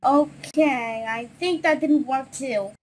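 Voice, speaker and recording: A tiny cartoon number block squeaks along in a very high, puzzled whine. The lines come slow and drawn out, as if it can't quite work out what is wrong. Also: female voice, husky, heavily acted. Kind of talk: cartoon character voice.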